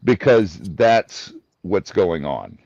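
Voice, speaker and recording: A man's voice: low voice, very animated, slow pace, creaky, a little mellow, no room sound, dull audio. A man from Ohio chatting on a podcast, emphatic, repeating his points and saying dude. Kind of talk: casual chat.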